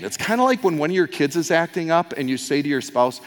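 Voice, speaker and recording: Quick, sing-song and fairly bright, this male pastor's rather high voice barely pauses as he preaches. He tells the story conversationally, acting out quoted lines and dropping in asides, with a long hall reverb around him.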